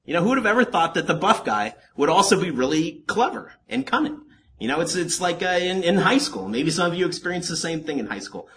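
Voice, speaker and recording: A man delivering a sermon in a bright, forceful voice, his pitch leaping up and down as he jokes and turns to the congregation. His delivery is animated, with a conversational teaching style. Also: a little fast. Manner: animated and joking, with asides to the congregation. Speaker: pastor teaching a Bible study.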